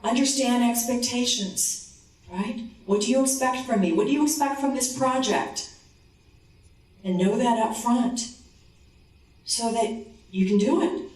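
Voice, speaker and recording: A woman's voice: measured pace, pauses often. Woman telling a story in an echoey hall. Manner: animated, acts out dialogue in a lower voice for the man. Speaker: conference speaker. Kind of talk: motivational presentation with storytelling. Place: conference hall. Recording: roomy hall, distant mic.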